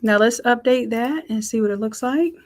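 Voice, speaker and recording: A woman's voice: fairly high pitch, moderate pace. Chatty woman teaching a design class. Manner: chatty, upbeat, thinks aloud. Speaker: design instructor. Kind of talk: live software tutorial.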